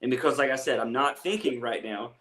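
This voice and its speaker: A man's voice: medium pitch, a little fast. Rambling Appalachian man in an echoey room. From East Tennessee. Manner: rambling, self-deprecating, animated. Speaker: comedian guest. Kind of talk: casual storytelling chat.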